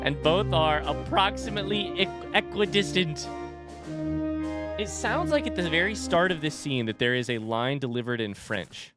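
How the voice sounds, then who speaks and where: A man's voice: fairly high pitch, animated, a little slow. A man hosting a game playthrough, thinking aloud and muttering as he works through a puzzle. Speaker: let's play host. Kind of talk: video game commentary. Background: game music.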